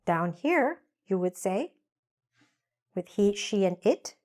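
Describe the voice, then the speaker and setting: Female English teacher, unhurried, patient, drilling grammar by repetition. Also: mid-range voice, sing-song, darkish tone. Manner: slow, deliberate, drills with repetition. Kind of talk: grammar lesson.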